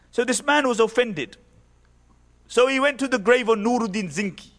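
Man, very high voice, impassioned sermon, rhetorical questions, reverberant hall. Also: a bit bright. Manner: impassioned, rhetorical questions, quotes Arabic verse. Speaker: preacher.

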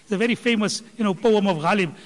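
A man giving an impassioned sermon, his voice climbing higher and louder as he retells a teacher's words. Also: quick pace. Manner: impassioned, rising in pitch and volume when quoting. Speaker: religious speaker explaining a scholar's teaching. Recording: hall reverb.

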